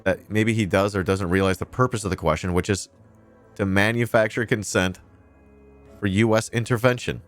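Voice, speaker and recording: A man's voice: on the low side, fairly even intonation, normal speed, faint music behind. A man hosting a livestream, reacting to news clips in a sarcastic, ranting way and swearing freely. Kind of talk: casual livestream commentary.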